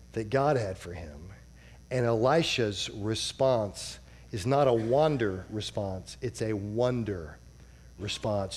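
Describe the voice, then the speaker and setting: Dramatic male preacher. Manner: dramatic, drops to a low hush on key words. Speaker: pastor. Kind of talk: sermon.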